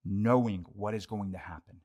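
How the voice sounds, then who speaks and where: A young adult man, a pastor, preaching a conversational sermon that moves between lively asides and hushed, earnest points. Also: fairly low pitch, normal speed.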